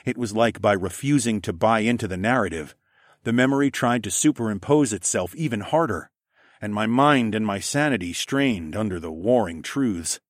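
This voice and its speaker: Expressive low-voiced male narrator. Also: normal speed, dry recording, studio quality. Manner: expressive, acts out dialogue. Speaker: audiobook narrator. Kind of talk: first-person fantasy narration.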